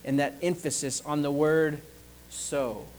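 Slow, deliberate preaching man. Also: fairly high pitch, fairly even intonation, a little mellow, slight background noise, poor audio. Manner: slow, deliberate preaching with call-outs to the congregation. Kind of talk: sermon.

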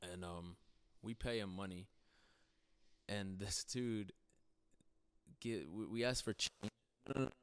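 This host's voice is fairly low yet fairly bright, clear and resonant, moving at a measured pace with long pauses. On his podcast he casually tells profane tales of a trip with friends, laughing throughout in a laid-back way.

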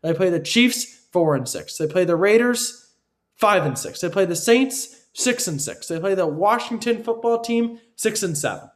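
Man, high-pitched animated voice, opinionated sports commentary, emphatic and repetitive. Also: normal speed. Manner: emphatic, repetitive, addresses listeners as folks, frequent "right?". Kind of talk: opinionated football analysis monologue.

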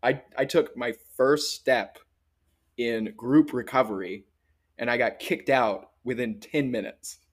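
A man's voice: medium pitch, measured pace. A man in casual conversation, talking hesitantly and self-deprecatingly, with frequent restarts. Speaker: podcast co-host. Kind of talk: casual chat.

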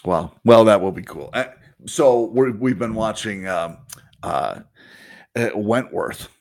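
A man's voice: on the low side, animated, slow pace, vocal fry. Easygoing man chatting on a podcast. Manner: easygoing, chuckling, joking. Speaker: podcast co-host. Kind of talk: casual chat.

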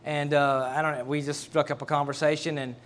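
Male pastor, middle-aged, fairly high voice, homespun storyteller who stumbles and restarts mid-sentence. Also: level tone, a little fast, fairly bright tone. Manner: folksy, storytelling, repeats words as he restarts. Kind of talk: sermon.

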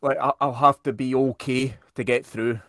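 A man's voice: medium pitch, little pitch movement, normal speed, fairly bright tone, dry recording, studio quality. A comedian in casual chat, hesitant and repeating his words as he thinks aloud.

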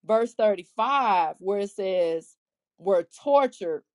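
Medium in pitch with lively intonation, this woman earnestly co-hosts a laid-back faith podcast. Her sentences come in halting restarts, and she quotes scripture out loud.

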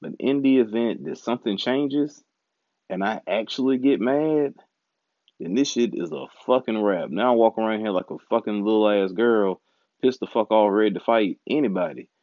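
A man's voice: fairly low pitch, moderate pace, dry recording. A married man hosting his own podcast, ranting casually, frustrated, profane and rambling. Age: adult, married. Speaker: podcast host. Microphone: home recording setup. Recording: dull, dry lo-fi home recording.

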